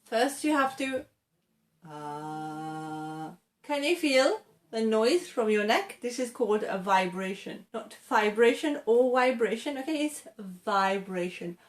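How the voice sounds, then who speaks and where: Woman english teacher, talks real slow, kinda high voice, keeps saying okay and repeating words. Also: sing-song. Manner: patient, repeats words slowly, often says okay. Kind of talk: slow, clear pronunciation lesson to camera.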